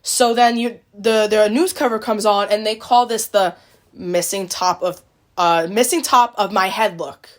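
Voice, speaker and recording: A woman hosts a podcast in relaxed, casual chat. She rambles through a retelling, full of likes and quick quoted voices. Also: mid-range voice. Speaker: podcast host.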